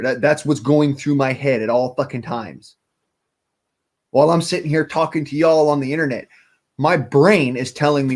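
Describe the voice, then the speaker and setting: A man's voice: medium pitch, normal speed, pauses often, darkish tone. A man talking casually on a livestream, rambling from thought to thought and swearing often.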